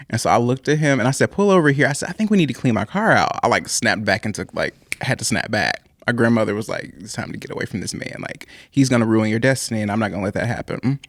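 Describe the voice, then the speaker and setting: A man's voice: lowish voice, animated, quick pace, hardly any pauses, dry recording, studio quality. A young man telling a personal story in a casual podcast chat, rambling and laughing often. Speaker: podcast guest.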